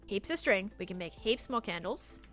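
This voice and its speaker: A woman's voice: mid-range voice, animated, moderate pace, music in the background. A young woman from Australia with an Australian American accent, casually chatting on a gaming stream while answering chat and describing what she builds. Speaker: live streamer. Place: home room with her PC.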